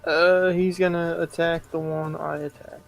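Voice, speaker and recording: A man's voice: fairly high pitch, level tone, unhurried, vocal fry, soft background music. Curious man asking about game rules. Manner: asks questions about the rules. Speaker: player. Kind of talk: casual chat at a game table.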